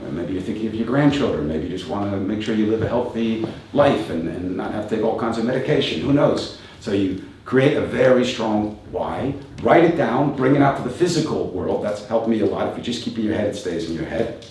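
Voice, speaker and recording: Low-voiced man in his fifties, echoey hall. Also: expressive, brisk, a little mellow. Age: 50s. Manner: reflective, asks rhetorical questions, chuckles often. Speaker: motivational speaker and coach. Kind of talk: live talk to an audience. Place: event venue with a live audience. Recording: very echoey room, distant mic, faint noise.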